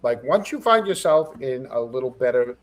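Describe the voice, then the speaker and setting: A man's voice: mid-range voice, big pitch swings, normal speed. A man hosting a live talk show, chatting casually and stumbling over his words. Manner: chatty, stumbling, laughs easily. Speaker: host. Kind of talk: casual chat.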